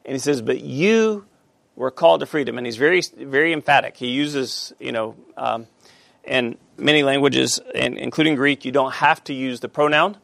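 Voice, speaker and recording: A man teaching a Bible study class, halting with many fillers and asking the class questions. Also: mid-range voice, creaky, fairly bright tone, no echo.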